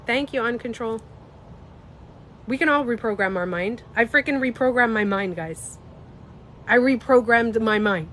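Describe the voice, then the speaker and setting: A woman with a slightly stuffy nose, chatting casually on a livestream. She talks in an animated, emphatic way, swears freely and speaks to her viewers. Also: on the high side, slight background noise. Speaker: livestreamer and beauty coach.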